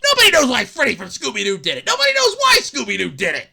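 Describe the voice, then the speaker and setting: A woman hosting a podcast, delivering an excitable, swearing, comedic rant with frequent laughs. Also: on the high side, quick pace, creaky, slightly rough. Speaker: podcast host. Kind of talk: ranting comedic podcast monologue.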